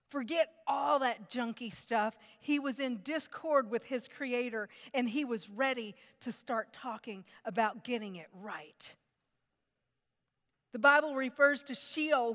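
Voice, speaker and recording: A middle-aged woman preaching a sermon in a church, telling the story in an animated, dramatic way. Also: a little high, long reverb tail.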